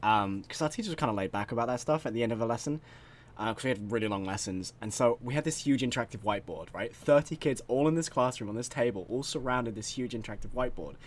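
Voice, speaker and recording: A man's voice: mid-range voice, fast talker. A man co-hosting a casual podcast, telling school stories and acting out quotes. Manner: animated storytelling, acts out quotes. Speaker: podcast co-host. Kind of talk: casual chat.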